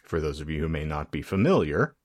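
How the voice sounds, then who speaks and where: A man's voice: very deep voice, big pitch swings, a little fast. A man hosting a podcast, reading out research in a wry, mock-formal way and breaking into laughs, with a casual chat feel. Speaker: podcast host presenting research.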